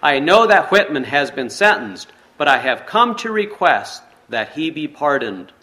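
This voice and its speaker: A man's voice: a little high, very animated, a little slow, bright, forceful tone, heavily acted. A man voicing an earnest, forgiving old gray-haired man who speaks in a pleading way.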